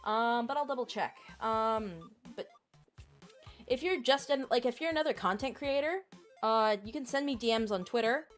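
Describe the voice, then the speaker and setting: A woman's voice: a little high, moderate pace, faint music behind. A woman streamer chatting casually and candidly, rambling with lots of fillers.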